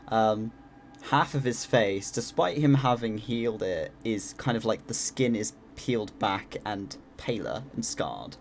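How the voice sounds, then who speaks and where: Man, game master, casual tabletop narration, lively pitch, faint music. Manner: casual, with many fillers.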